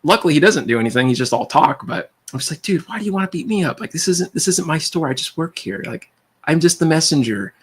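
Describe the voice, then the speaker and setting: A man hosting a livestream, rambling through animated anecdotes and quoting people in his stories. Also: a little high, quick pace, breathy edge. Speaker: livestream host. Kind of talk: casual storytelling chat.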